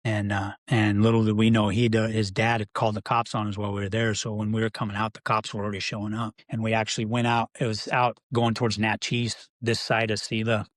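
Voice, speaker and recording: A man's voice: on the low side, flat delivery, quick pace, few pauses, no echo. A middle-aged man, a podcast guest, telling his life story in a rambling, candid way with many fillers and restarts.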